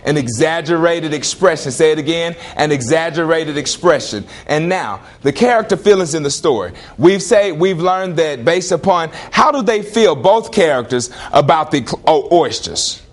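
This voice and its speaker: A male teacher leading a classroom lesson, firing questions at students in lively call-and-response. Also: on the high side, moderate pace, few pauses.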